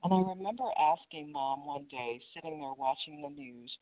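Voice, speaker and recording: A woman, a former TV reporter, telling animated stories in an interview, acting out quotes and laughing as she goes. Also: low-pitched, moderate pace. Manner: lively anecdote-telling with laughs and acted-out quotes. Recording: phone-like narrow sound.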